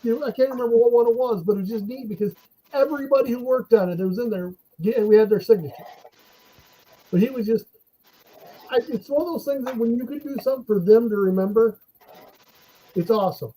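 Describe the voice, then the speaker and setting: Guy with a high voice and dark husky tone, telling con stories, acts out the quotes. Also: quick pace, long pauses, low-quality recording. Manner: animated storyteller acting out quotes. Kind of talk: casual storytelling chat.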